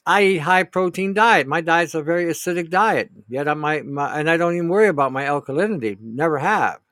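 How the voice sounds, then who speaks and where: Speaking briskly and expressively, a man with a slightly high, fairly bright voice hosts a show and tackles a listener's question. His monologue is blunt, rambling, opinionated, and laced with emphatic profanity. It's recorded in clean studio sound without room noise.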